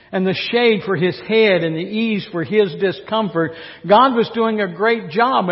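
A male pastor preaching a sermon in a wry, joking way, full of rhetorical questions. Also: high voice. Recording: dull recording with long hall reverb.

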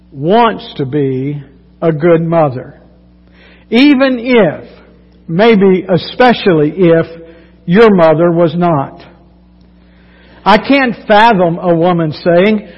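A male pastor preaching a sermon in a church, with folksy, joking storytelling that turns earnest. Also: sits high. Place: church sanctuary. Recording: long hall reverb, dull lo-fi sound.

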